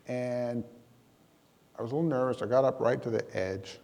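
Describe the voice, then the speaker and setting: A man giving a talk, telling a personal story to an audience in a lively, self-deprecating way with comic timing. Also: mid-range voice, moderate pace, gravelly, long reverb tail. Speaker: emergency manager giving a talk.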